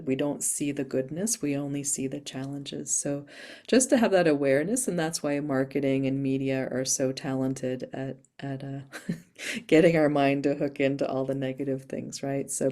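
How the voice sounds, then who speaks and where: A woman's voice: low-pitched, dark tone. A woman leading a breathing workshop, teaching in a chatty way, laughing often and asking "right?" as she goes. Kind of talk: casual teaching talk. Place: Boise, Idaho.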